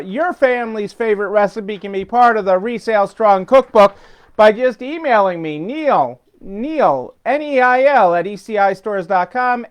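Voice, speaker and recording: A middle-aged man hosting a weekly business update, talking casually and rambling with fillers, restarts and chuckles. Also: very high-pitched. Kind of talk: casual unscripted talk.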